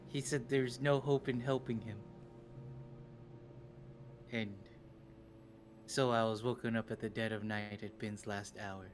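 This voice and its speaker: A young man playing his character in a tabletop game, speaking softly with halting restarts. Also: fairly low pitch, steady tone. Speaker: player.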